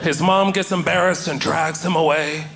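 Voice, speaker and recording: A man doing stand-up comedy, telling a story to a live audience with animated delivery and loud outbursts. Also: fairly high pitch, moderate pace, gravelly, music in the background. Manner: animated, acts out voices in his story, loud excited outbursts. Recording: stage recording with audience laughter. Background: audience laughter.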